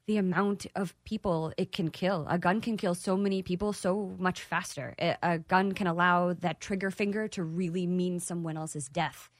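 A woman's voice: fairly low pitch, dry recording, studio quality. A woman from Texas as a guest, speaking thoughtfully with frequent hesitations. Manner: thoughtful, hesitant, many fillers. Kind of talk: casual interview.

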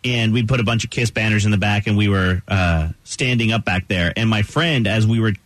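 A man's voice: lowish voice, a little fast, fairly bright tone, dry recording. A man hosting a morning radio show, upbeat and talkative as he leads the conversation. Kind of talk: casual morning radio banter. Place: radio studio.

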